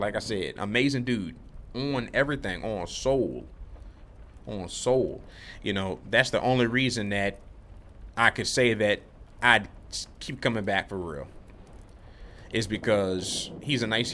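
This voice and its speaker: A man's voice: lowish voice, normal speed, sharp tone, slight background noise. A young man vlogging, telling a rambling, laid-back story about work, full of slang. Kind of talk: casual rambling monologue.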